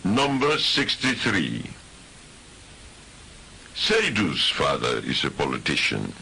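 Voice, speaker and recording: A man reads out numbered listening-test items slowly and deliberately. His voice is bright and lively in pitch, with a faint hiss behind it. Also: creaky. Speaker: test recording announcer. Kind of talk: scripted test reading. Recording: hissy recording.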